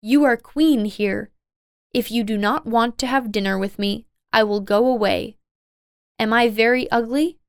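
A woman voicing a gentle, lonely male beast who is kind and humble, speaking slow, simple lines. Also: a little high, smooth, no echo, clean studio sound.

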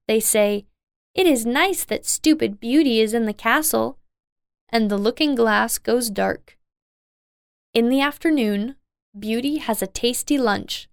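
A woman narrating a simple fairy tale in plain, slow, easy sentences. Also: on the high side, clean tone, dry recording, studio quality.

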